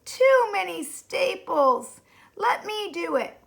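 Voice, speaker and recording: A woman voicing a sensible highlighter in a storybook reading, reasoning in a matter-of-fact way. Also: big pitch swings, takes it slowly, creaky, exaggerated voice. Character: sensible highlighter, calm know-it-all.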